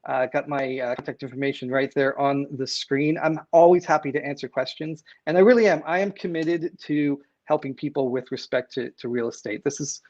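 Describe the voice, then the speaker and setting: A man from Canada who hosts a real estate live stream, earnest and halting, with many fillers and restarts as he signs off. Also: medium pitch, steady tone, a little mellow, dry recording, muffled recording. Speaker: real estate agent and show host.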